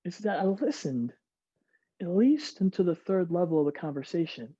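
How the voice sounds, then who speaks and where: A man giving an energetic online workshop, reading out audience replies and laughing often. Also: high voice, moderate pace, husky, dry recording, dull audio. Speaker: workshop speaker. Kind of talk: interactive online workshop talk. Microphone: video call.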